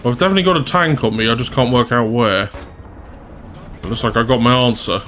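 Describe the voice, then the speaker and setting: A man's voice: medium pitch, fast talker, fairly bright tone, a little hiss or hum. Chatty man commentating gameplay. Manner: chatty, self-deprecating, talks to viewers. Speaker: gaming channel host.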